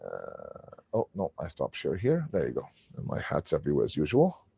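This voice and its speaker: A man with a booming voice giving an animated religious family lecture over a video call, often restarting his words. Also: moderate pace, creaky, husky, no room sound.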